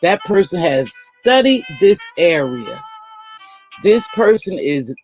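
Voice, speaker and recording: Blunt, animated older woman commentator. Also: fairly low pitch, slow pace, faint music behind. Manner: animated, emphatic, repeats words for effect; exasperated, blunt, casual slang. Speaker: online commentator. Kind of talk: live commentary chat with viewers.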